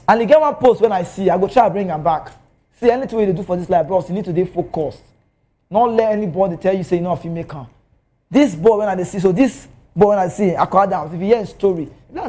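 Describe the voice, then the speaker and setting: Animated Nigerian pundit, high bright-dark tone. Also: male voice. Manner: animated, excitable, swings pitch. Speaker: football pundit. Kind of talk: TV football commentary in Pidgin. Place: TV studio.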